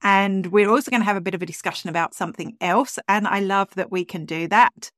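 A woman's voice: mid-range voice, fast, no room sound, clean studio sound. A woman co-hosting a podcast in a chatty, upbeat way that often breaks into laughter. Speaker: podcast co-host. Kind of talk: casual chat.

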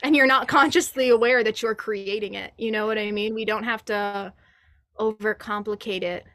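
A woman's voice: mid-range voice, moderate pace, no room sound. A woman guest on a podcast, who reads tarot, talking casually and earnestly with lots of fillers. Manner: relaxed, earnest, with many fillers like "you know". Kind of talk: casual chat.

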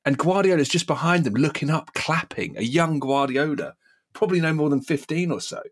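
A man co-hosting a podcast in casual chat, telling anecdotes in an animated way and laughing as he goes. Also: fairly high pitch, a little fast.

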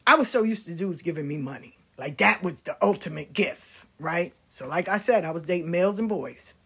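A middle-aged woman telling stories about her life in a casual, blunt and animated way, swearing freely. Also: on the low side, normal speed, gravelly, husky. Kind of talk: casual storytelling.

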